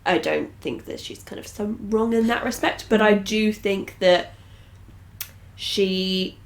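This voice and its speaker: A woman's voice: medium pitch, slow, gravelly. A woman co-hosting a TV reaction show, eagerly spinning theories about the plot. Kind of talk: casual chat reacting to a TV episode.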